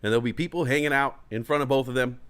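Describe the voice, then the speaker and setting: A man's voice: mid-range voice, very fast, a bit bright, clear, resonant tone. A man hosting a talk show, telling a long, rambling, profane story in casual chat and acting out angry quotes. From California Bay Area. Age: adult parent of a young child. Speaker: show host.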